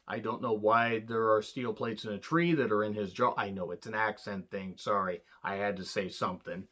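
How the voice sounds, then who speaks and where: A man's voice: lowish voice, steady tone, moderate pace, few pauses, a bit bright. A man giving a casual, profane wrestling review, blunt and sarcastic, rambling with restarts.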